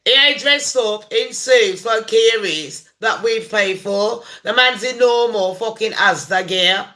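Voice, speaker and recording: A woman's voice: medium pitch, slow, pushed and bright. A woman vlogger delivering a rambling, profane, heated rant about the news. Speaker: gossip vlogger. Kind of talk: ranting commentary vlog.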